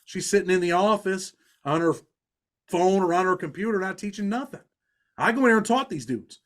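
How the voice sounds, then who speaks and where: A man's voice: sits high, fairly quick. A middle-aged man with a New York accent, a podcast guest telling long stories in an earnest, street-talking way, full of "you know" and restarts. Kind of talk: storytelling in a podcast interview.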